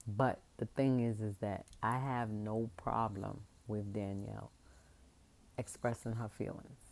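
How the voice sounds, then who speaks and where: A woman's voice: extremely low pitch, steady tone, unhurried, gravelly, a little mellow. Mom ranting into her camera, passionate and emphatic, rambling on. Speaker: parent venting to camera. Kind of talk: casual vlog rant.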